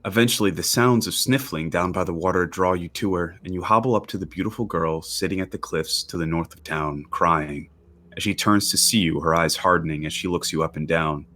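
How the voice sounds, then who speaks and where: A man narrating as game master for a tabletop game, relaxed and halting with frequent fillers. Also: sits low.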